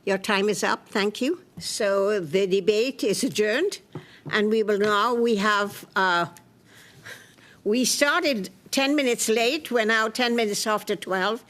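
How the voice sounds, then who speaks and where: A woman's voice: mid-range voice, takes it slowly, a bit bright. A woman chairing a parliamentary committee, keeping time and handling procedure firmly. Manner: procedural, firm.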